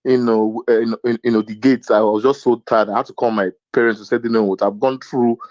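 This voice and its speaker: A man from Nigeria tells a personal story in relaxed conversation, leaning on "you know" and acting out the voices of the people in it. The sound is dull and lo-fi, with a dry, close feel. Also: medium pitch, quick pace, dry recording. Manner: animated anecdote-telling with many fillers and acted quotes. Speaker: podcast co-host. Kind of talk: casual storytelling chat.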